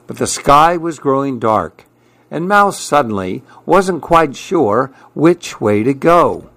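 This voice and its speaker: Slow, calm male storyteller. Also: mid-range voice, dry recording. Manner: calm and measured. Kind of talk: children's story read-aloud.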